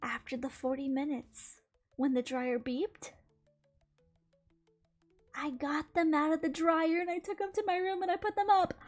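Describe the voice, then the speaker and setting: A young woman streamer chatting casually while gaming, telling stories in an animated, giggly way. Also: sits high, a little slow, long pauses, soft background music.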